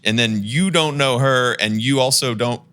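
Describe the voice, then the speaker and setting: A man telling a long, lively story in a casual podcast chat, laughing as he goes and acting out the people in it. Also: mid-range voice, normal speed, smooth. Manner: animated storyteller, laughs while talking, acts out the people in his story.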